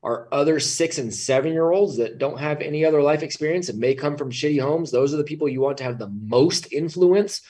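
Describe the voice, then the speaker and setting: A man's voice: a little high, a little fast, few pauses, a little mellow, husky, recorded from a distance. A man speaking as a guest in a casual interview, blunt and swearing freely. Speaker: podcast guest.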